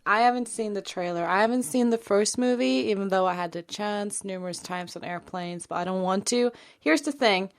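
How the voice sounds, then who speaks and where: A woman's voice: mid-range voice, moderate pace, few pauses. A woman co-hosting a podcast, talking in a chatty, rambling way with lots of fillers. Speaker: podcast co-host. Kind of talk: casual podcast chat.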